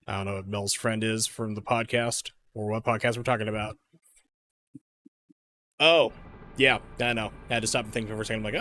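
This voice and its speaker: A man's voice: fairly low pitch, fairly even intonation, fairly quick, long pauses, pushed and bright, a little hiss or hum. A man streaming a flight sim game, rambling and joking with lots of swearing. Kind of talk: casual gameplay streaming.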